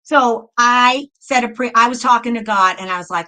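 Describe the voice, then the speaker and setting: A woman's voice: a little high, normal speed, few pauses, bright, forceful tone, low-quality recording. A middle-aged woman tells a personal story in a casual, blunt monologue, swearing often and restarting her sentences. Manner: blunt, profane, repeats and restarts. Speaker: spiritual video host.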